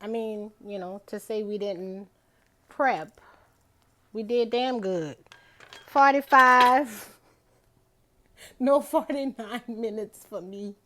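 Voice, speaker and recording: A woman's voice: a little high, slow pace, long pauses, sharp tone. A woman, chatting casually through her day in a vlog. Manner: chatty, rambling, drawls out words. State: out of breath after a bike ride. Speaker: vlogger.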